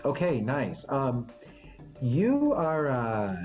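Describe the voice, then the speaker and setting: A man narrating a tabletop game as game master in a halting way, full of ums and restarts. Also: mid-range voice, huge pitch swings, a little mellow, soft background music.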